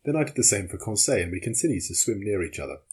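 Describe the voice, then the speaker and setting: A man with a husky voice reading a novel aloud as audiobook narrator, in a measured, steady way. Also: lowish voice. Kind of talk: scripted narration.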